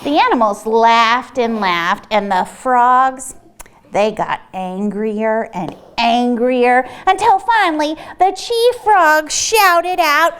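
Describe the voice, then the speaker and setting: A woman reading a picture book aloud at a children's storytime, expressive, with dramatic gasps. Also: a little high, slow pace, clean tone.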